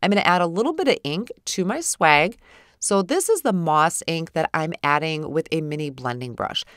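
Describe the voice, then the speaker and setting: A woman's voice: low voice, normal speed, no echo, clean studio sound. Congested woman narrating a craft tutorial. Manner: relaxed, explanatory, occasional stumbles over words. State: congested from a cold. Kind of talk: voice-over craft demonstration.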